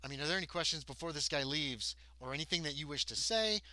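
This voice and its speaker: Bright-voiced male game master. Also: a little high, lively intonation, quick pace, no echo. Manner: rambling narration with many ums and self-corrections. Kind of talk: narrating a tabletop game.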